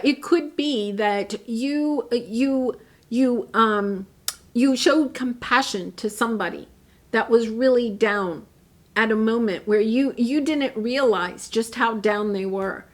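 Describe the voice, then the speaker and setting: A woman giving a tarot reading, talking in an earnest, emotional way with many restarts and soft asides. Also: on the high side. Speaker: tarot reader.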